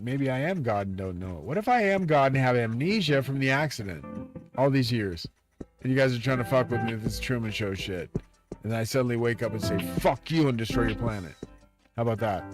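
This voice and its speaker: A man live-streaming a profane, agitated, grandiose rant aimed straight at his viewers. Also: medium pitch. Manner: profane, agitated and grandiose, talks to the audience directly. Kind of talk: ranting monologue to viewers. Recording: loud music playing behind the voice. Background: loud music.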